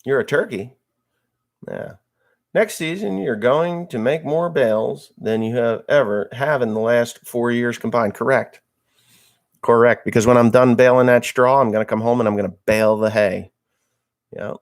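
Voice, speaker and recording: A man's voice: medium pitch, normal speed. A man hosting a casual livestream from home, reading viewer comments aloud and joking crudely. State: just woke up, a little slow. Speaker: livestream host.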